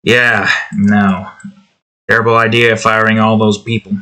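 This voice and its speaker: A man's voice: fairly low pitch, little pitch movement, unhurried, pushed and bright. A man hosting an art video, rambling in a profane, sarcastic way while he draws. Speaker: art channel host. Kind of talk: casual commentary while drawing.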